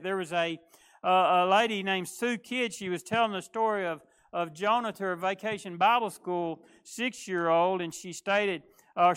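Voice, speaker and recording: A man's voice: high-pitched, a bit bright, clean tone. A pastor giving a folksy, conversational sermon, often restarting his words.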